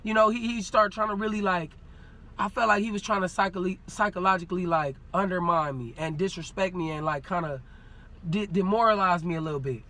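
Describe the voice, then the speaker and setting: A man telling a story in casual talk, animated and full of street slang, acting out what people said. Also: sits high, a little fast. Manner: animated, acts out quoted dialogue, street slang. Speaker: podcast guest.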